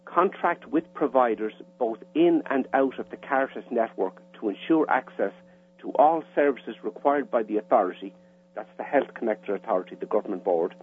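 A man's voice: medium pitch, lively intonation, moderate pace. A man with an Irish accent, a caller on a radio interview, explaining plainly with some hesitations. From Ireland. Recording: tinny phone line with faint hum.

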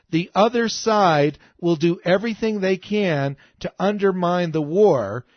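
Male talk host, fairly high voice, emphatic and scolding, dry muffled sound. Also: no echo. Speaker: radio talk show host. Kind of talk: political commentary monologue.

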